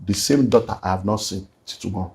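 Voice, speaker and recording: Talking fast in a lowish, darkish voice, this middle-aged man shares an emotional testimony as a guest pastor. He speaks earnestly with a Nigerian accent and drifts into Nigerian Pidgin at times.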